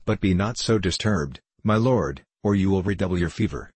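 An old, learned sage who lectures calmly, as a male storyteller plays him. The voice is low and husky, in a dry, close recording. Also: no echo. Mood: sententious. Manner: measured and lecturing.

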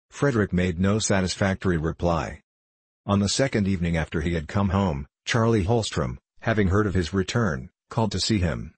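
A man reads a period novel aloud in a steady, formal manner. His voice is deep and slightly husky. The recording is close and dry. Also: a little fast, dry recording. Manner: steady, formal, even reading. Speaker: audiobook narrator. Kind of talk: audiobook narration of a period novel.

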